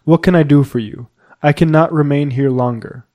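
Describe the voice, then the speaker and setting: A man reading the part of a quick, spirited young lady with brisk, impatient replies, lifting his voice a little higher. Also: warm tone, close to an everyday voice. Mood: anxious.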